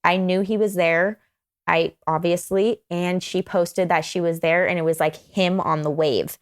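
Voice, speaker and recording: A woman's voice: fairly low pitch, a little slow. Young woman on a podcast just telling her story, kinda rambly, keeps going off on little asides. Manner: animated, rambling retelling with many asides. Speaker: podcast guest. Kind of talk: casual storytelling.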